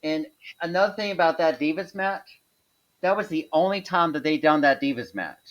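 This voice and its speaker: A man co-hosting a casual wrestling podcast, talking haltingly with frequent restarts and chuckles as he recalls. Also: on the high side, lively intonation, a bit bright, muffled recording. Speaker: podcast co-host.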